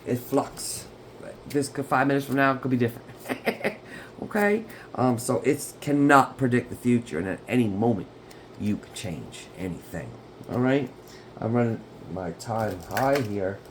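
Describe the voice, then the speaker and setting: A man's voice: mid-range voice, lively intonation, measured pace, a little hiss or hum. A man talking through a tarot reading at home in a chatty way. He keeps checking in with his listeners. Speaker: tarot reader. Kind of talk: casual tarot reading to camera.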